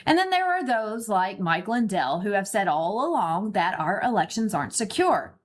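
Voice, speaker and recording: A woman's voice: mid-range voice, sing-song, normal speed. Woman reading a morning news segment. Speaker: morning show host. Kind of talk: scripted news read.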